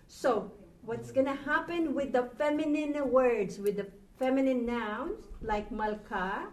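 A woman's voice: sits high, measured pace. Woman teaching a class, heard from far off. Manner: patient, asks the class questions. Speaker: Hebrew teacher. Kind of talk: classroom lesson. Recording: roomy, from far off, faint noise.

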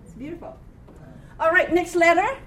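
A woman teaching a Hebrew class, explaining words patiently and repeating them slowly for her students. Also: very high voice, a bit bright. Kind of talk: classroom lesson.

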